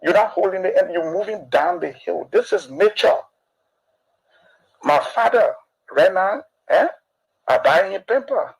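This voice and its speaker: Man going on about politics, husky gravelly voice, lively ups and downs. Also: high-pitched, unhurried, long pauses, low-quality recording. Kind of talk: opinionated street talk.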